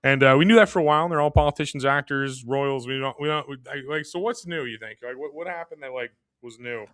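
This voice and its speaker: A male podcast host talks quickly in loose casual chat, circling back and repeating himself as he thinks it through. His voice sits at an average pitch, and the recording is close and dry. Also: a bit bright, smooth, dry recording. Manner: rambling, repeats words while thinking, laughs often.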